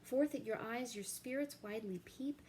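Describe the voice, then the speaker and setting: A woman's voice: on the high side, moderate pace, mellow, slight background noise, voice pushed up, natural voice. A woman reading the lines of a frightened middle-aged queen and mother, pleading and worried. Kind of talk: dramatic reading of verse.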